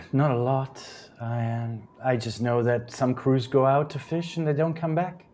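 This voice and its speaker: A woman's voice: very deep voice, steady tone, a little slow, a little mellow, slight background noise. A man voicing an earnest young half-elf woman who studies local animals, speaking up plainly and urgently. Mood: worried. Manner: outspoken, urgent.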